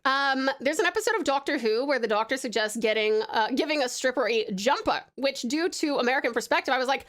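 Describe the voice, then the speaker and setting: Australian woman, streamer, high bouncy voice, giggly, rambling chat. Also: lively intonation, fairly quick, a bit bright. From Tasmania, Australia. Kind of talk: casual live-stream chat.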